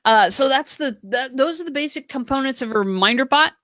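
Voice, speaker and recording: A woman's voice: high-pitched, expressive, brisk, fairly bright tone. An American woman co-hosting a live stream, giving earnest, practical advice with plenty of fillers. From United States. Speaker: co-host. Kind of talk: casual live-stream chat.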